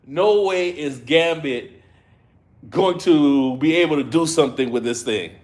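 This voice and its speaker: A man giving a casual live review of an episode, retelling scenes in an excitable, slangy way. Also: fairly high pitch, a little slow. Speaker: show reviewer.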